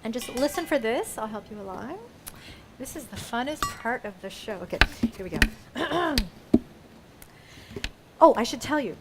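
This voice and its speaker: High-voiced woman coaching a live audience. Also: expressive, normal speed, pauses often, heavy background noise. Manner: playful, chatty, laughs often. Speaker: solo musical performer. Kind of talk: explaining audience call-outs at a live show. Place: museum performance space with live audience.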